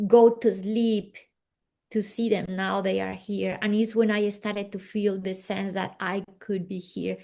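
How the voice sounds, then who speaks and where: Soft-spoken woman telling her story. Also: on the high side. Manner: soft, reflective, often drops to a hush. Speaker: interview guest. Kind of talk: personal storytelling in conversation.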